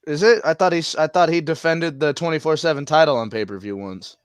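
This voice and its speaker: A man co-hosting a live wrestling watch-along, excitable and swearing freely. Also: fairly high pitch, quick pace, clear, resonant tone, dry recording, studio quality. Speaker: podcast co-host.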